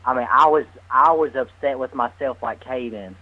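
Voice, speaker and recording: A man telling an animated, laughing story as a guest on a radio talk show. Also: mid-range voice, normal speed, phone-quality sound. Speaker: guest medium's partner.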